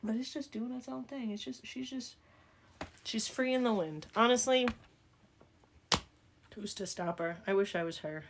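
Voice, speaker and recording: Southern woman, vlogger type, gravelly fry in her voice, joking and rambling as she works. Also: fairly high pitch, normal speed, long pauses, noisy background. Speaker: makeup vlogger. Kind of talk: casual chatty tutorial.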